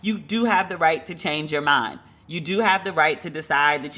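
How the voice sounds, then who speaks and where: A woman podcast host giving a casual, animated commentary monologue, laughing and emphatic as she talks. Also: low voice, normal speed, hardly any pauses.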